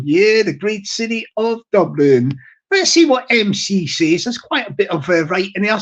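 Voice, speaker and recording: A woman hosting a casual live stream, chatting in a rambling way and laughing often while reading the chat. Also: fairly high pitch. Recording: dull lo-fi stream audio.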